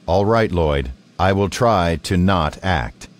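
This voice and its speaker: A man playing an earnest, deep-voiced male robot. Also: expressive, slow. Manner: earnest, pleading, carefully worded. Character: male robot actor with new human-sounding voice.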